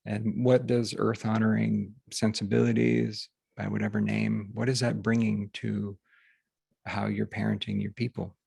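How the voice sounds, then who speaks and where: Man, husky, dry close sound, casual halting teaching talk, video call. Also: fairly low pitch, level tone, a little mellow, no room sound. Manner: halting, full of fillers and restarts. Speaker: workshop host.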